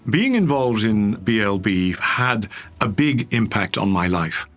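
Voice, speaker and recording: A man with a fairly low voice speaks in a steady, earnest way about his years in radio. His delivery is sincere and unhurried. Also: faint music behind. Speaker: former radio presenter.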